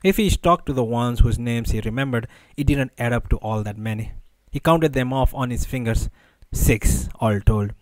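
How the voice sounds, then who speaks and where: Guy reading an audiobook, steady and even, middle voice, dry sound. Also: mid-range voice, moderate pace, few pauses, no echo, rough recording. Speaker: audiobook narrator. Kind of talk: audiobook narration.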